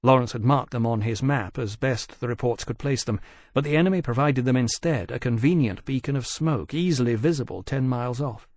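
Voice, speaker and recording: Brief: male narrator, mid-pitched, steady measured read, very dry booth sound. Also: no room sound. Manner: measured, even storytelling. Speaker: audiobook narrator. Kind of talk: scripted narration.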